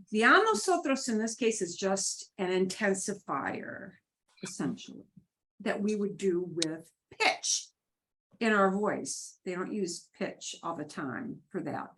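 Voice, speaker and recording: Slow-spoken woman teaching Spanish. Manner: patient, explanatory, lively pitch swings. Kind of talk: online class teaching.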